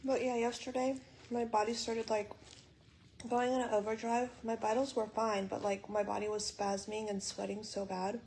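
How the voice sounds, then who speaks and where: Young woman vlogger, hospital room, angry and swearing as she vents; level, monotone voice. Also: on the high side, normal speed, slight background noise, rough recording. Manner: frustrated, swearing, quoting others in dialogue. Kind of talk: venting to camera.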